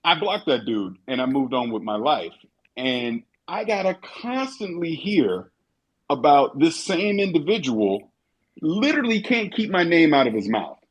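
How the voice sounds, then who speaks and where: A man on an audio call talking in an emphatic, animated way, telling stories and quoting others. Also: a little high, measured pace, breathy edge, highs cut off. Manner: emphatic, animated storytelling with quoted voices. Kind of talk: casual chat.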